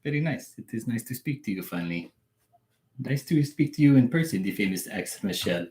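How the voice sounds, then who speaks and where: A man's voice: medium pitch, animated, a little fast, a little mellow, close to an everyday voice. A man voicing an overly polite foreign caller with a put-on Middle Eastern accent and a sing-song manner. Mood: mock polite.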